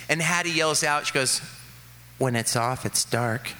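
A male pastor preaching a sermon, telling stories about his kids with lively excitement and then settling into soft, earnest reflection. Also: fairly high pitch, a little slow, a little hiss or hum. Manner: animated storytelling, quoting his kids with rising excitement.

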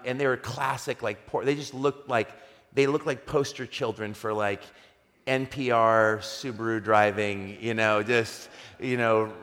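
A man's voice: medium pitch, a bit bright. A middle-aged pastor telling a story in a sermon, conversational and funny, growing emphatic as he preaches. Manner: conversational, humorous storyteller who grows emphatic when preaching. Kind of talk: sermon told as a personal story. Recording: long reverb of a large hall.

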